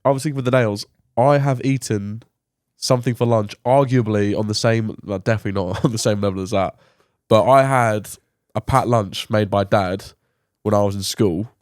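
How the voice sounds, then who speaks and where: A man's voice: on the low side, fairly even intonation, moderate pace, darkish tone, no echo, studio quality. A young man co-hosting a podcast, telling a rambling anecdote with laughs in a casual chat. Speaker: podcast co-host, son.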